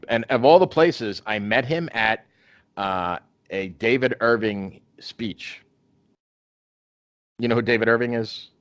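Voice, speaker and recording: A man's voice: fairly low pitch, fairly bright tone, no room sound. A man hosting a podcast in casual chat, rambling with many restarts and fillers. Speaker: podcast host.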